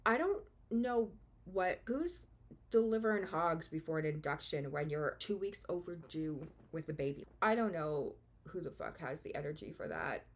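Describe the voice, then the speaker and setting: A woman's voice: low voice, expressive, normal speed. Profane, fired-up true-crime podcast woman. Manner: blunt, swears freely, gets openly indignant. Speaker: podcast host. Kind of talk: casual true-crime storytelling.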